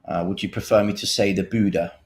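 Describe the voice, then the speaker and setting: A man's voice: low voice, fairly even intonation, quick pace. A man in his thirties with a Birmingham accent, doing live poker commentary with jokey, self-mocking banter. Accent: Birmingham English. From England. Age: 30s.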